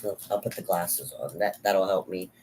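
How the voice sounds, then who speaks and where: A woman's voice: extremely low pitch, moderate pace, darkish tone, a little hiss or hum. A middle-aged American woman chatting casually in a vlog about acting, rambling with many restarts and asides. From United States. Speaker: vlogger, actor. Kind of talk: casual chat.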